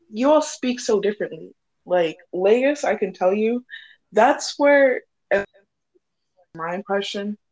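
A woman's voice: mid-range voice, a little mellow, lo-fi sound. A woman hosting a casual chat, rambling and giggly with lots of fillers. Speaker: host.

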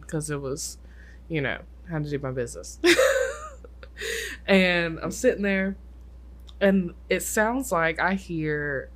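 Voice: mid-range voice, fairly bright tone. Chatty young adult telling ghost stories. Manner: chatty, many filler likes, quick bursts. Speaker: podcast co-host. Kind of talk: casual storytelling chat.

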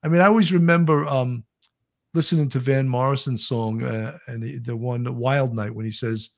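A man's voice: medium pitch, fairly even intonation, moderate pace, creaky. Chatty New man on a live stream. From Brooklyn, New York. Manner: chatty, reads viewer comments aloud. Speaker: co-host. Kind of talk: casual live-stream chat.

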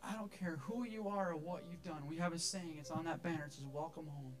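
Male pastor, earnest sermon, slightly high voice, faint music bed. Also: steady tone, a little fast. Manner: earnest, repeats words when stressing. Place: church sanctuary.

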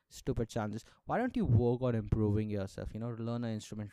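A young man rants through his solo podcast, sarcastic and full of swearing, laughing as he goes. His voice is mellow and smooth, recorded dry and close. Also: fairly low pitch, a little fast, no room sound. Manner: sarcastic, profane, laughs often. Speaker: podcast host. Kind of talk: casual solo podcast rant.

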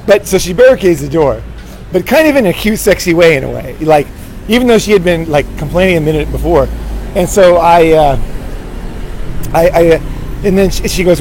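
A man's voice: on the high side, lively intonation, fairly quick, a little mellow, slight background noise. A man giving relationship advice in a rambling casual monologue, often tagging lines with "right?" and restarting his sentences. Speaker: dating advice speaker.

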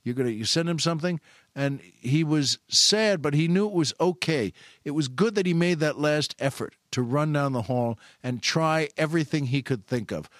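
Halting, rambling male storyteller. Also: a little high, dry recording, studio quality. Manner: repetitive, halting, self-correcting.

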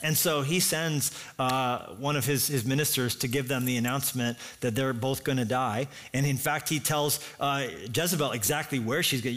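A man's voice: medium pitch, steady tone, moderate pace, hardly any pauses, a bit bright. A man preaching a sermon as pastor, telling the story with energy and acting out the voices himself.

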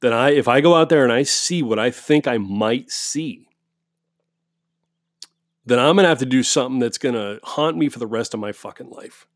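A man's voice: mid-range voice, normal speed, no room sound, clean studio sound. A man telling his viewers a story as a heated, profane rant, often restarting his sentences. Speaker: vlogger.

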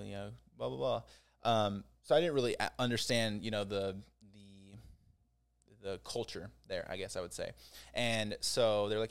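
A man's voice: fairly low pitch, steady tone, moderate pace, clean tone. A young man telling a personal story in a casual, rambling way, with many fillers and restarts.

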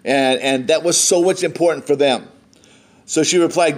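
A man's voice: on the high side, normal speed. An American man preaching a sermon, reading scripture aloud and explaining it in a conversational way. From United States. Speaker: pastor.

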